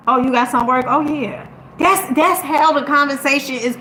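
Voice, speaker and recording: A woman content creator talks straight to her audience with an emphatic, preachy delivery, checking in with "okay?" after nearly every point and swearing now and then. Her voice sits a little high. The sound carries a noticeable room echo. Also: normal speed, sharp tone, a little hiss or hum. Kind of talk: motivational talk to camera.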